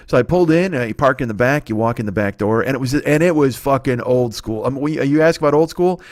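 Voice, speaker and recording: A man in his forties rambles through a profane comic story on his solo podcast. His pitch sits mid-range. The sound is dry and close. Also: fast talker, hardly any pauses, no room sound. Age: 40s. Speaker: comedy podcast host. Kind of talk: solo comedy monologue. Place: home studio.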